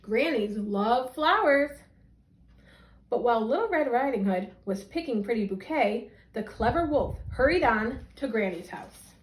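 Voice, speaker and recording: A woman teacher reading a children's story aloud, expressive and animated. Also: a little high, normal speed, hardly any pauses. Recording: roomy echo.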